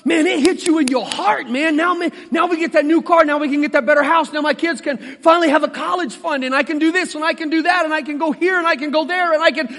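A pastor delivers his sermon in a strikingly high voice, folksy and animated, slipping into little acted-out voices. The sound carries a long reverb from a big hall. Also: fast talker, few pauses.

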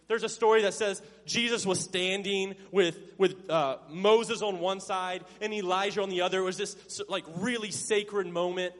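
This time the pastor's high voice keeps a fairly even intonation at a moderate pace, with few pauses. He still alternates loud emphasis and hushed asides, playfully acting out Bible figures amid a big hall's lingering reverb.

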